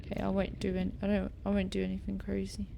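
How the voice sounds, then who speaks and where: A young gaming streamer gives casual let's-play commentary on a scary game, jumpy and chatty, talking to the creatures she encounters and screaming when startled. Her medium-pitched voice is monotone, gravelly and mellow, and she talks fast over slight background noise.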